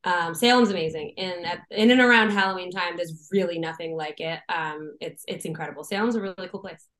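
A young woman from Boston, a guest musician chatting casually on a podcast, animated and quick to laugh. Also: lowish voice. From Boston, USA. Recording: roomy echo.

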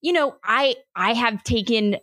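A woman's voice: on the high side, unhurried, fairly bright tone, no echo. Woman chatting about a movie, lots of like and you know, dry close mic. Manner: candid, many fillers like "like" and "you know". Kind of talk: casual chat about a movie.

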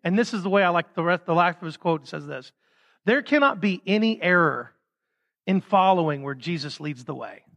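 A man preaching a sermon as pastor, with emphatic stresses that drop suddenly to a soft hush. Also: sits high, lively intonation, fairly quick, creaky. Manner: emphatic, swings from loud stresses to soft drops. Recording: reverberant hall.

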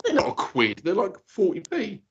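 A man from the UK hosting a podcast in casual chat, excitable, swearing a lot and laughing often, on a dull lo-fi recording. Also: sits high, normal speed, creaky, noisy background. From United Kingdom. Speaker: podcast host.

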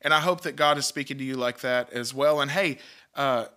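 A man hosts a devotional podcast, his voice bright and forceful. He talks earnestly and with emphasis, often doubling words and restarting his sentences. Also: mid-range voice, a little fast, clear, resonant tone. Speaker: podcast host, Christian teacher.

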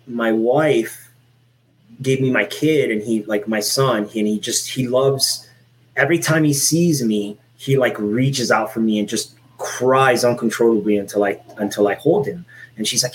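A man in his forties from Miami speaks in a relaxed, conversational way. His talk is candid and wandering, full of fillers and restarts, with casual swearing. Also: mid-range voice, slight background noise, poor audio. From Miami, Florida. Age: 40s. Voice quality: lots of filler and restarts, "like" and "you know". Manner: candid, rambling, swears freely. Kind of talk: casual chat.

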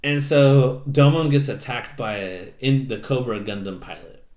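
A man's voice: medium pitch, unhurried, a little mellow. A young man in casual podcast chat, rambling and swearing as he recaps an anime. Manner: profane, rambling, acts out characters' lines. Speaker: podcast co-host. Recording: roomy echo.

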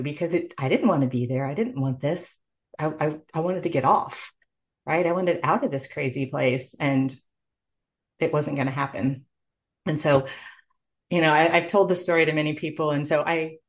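A middle-aged woman, a nurse, telling her personal story in an interview in an earnest, heartfelt way. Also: sits low. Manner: earnest, heartfelt, tearful at moments. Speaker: guest, nurse.

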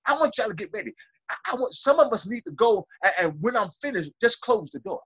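A man's voice: very high-pitched, big pitch swings, fast talker, fairly bright tone, slightly rough, no echo, lo-fi sound. A man preaching a fervent sermon over a video call, building to call-and-response. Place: small room.

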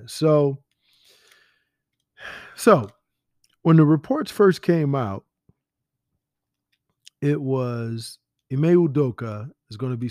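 A man's voice: mid-range voice, a little mellow, no echo, studio quality. A man hosting a casual commentary podcast, blunt and profane, firing rhetorical questions at the listener. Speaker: podcast host.

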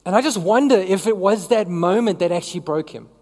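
A woman's voice: medium pitch, lively intonation, fairly quick, darkish tone, big-room sound. A woman preaching a sermon in a conversational way, often asking the congregation questions.

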